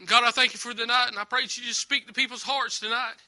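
Male preacher, high and sharp-toned, earnest tearful pleading in prayer. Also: level tone, fast. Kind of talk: emotional church prayer.

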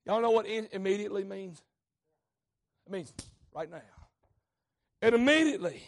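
High-voiced preacher, folksy and fervent. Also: male voice, brisk, long pauses. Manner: folksy, swings from conversational to fervent shouting. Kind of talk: sermon.

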